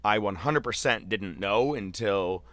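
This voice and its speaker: A man telling a long story in casual podcast chat, loose and animated, with swearing and filler words. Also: on the low side, unhurried, no echo.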